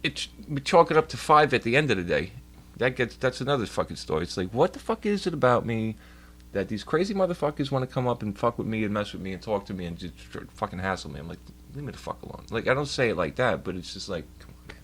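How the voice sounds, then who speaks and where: A man's voice: fairly low pitch, sing-song, quick pace, fairly bright tone, husky. A young man streaming live from home at his computer, telling a long, profane, complaining story to his chat. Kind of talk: casual rambling rant to a stream chat.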